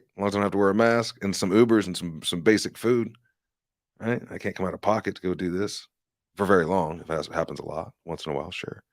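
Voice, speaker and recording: A man with a lowish voice that swings up and down a lot as he rants through a casual livestream. He talks in a rambling, sarcastic way and swears freely. The sound is dry and close, with no room echo. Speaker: livestream host and candidate.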